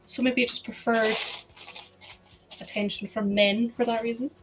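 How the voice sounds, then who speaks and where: A woman's voice: a little high, fairly even intonation, normal speed, noisy background. Chatty woman streaming. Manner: chatty, rambling, many "like" fillers, frequent laughs. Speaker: livestream host. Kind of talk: casual chat to a live chat while sorting.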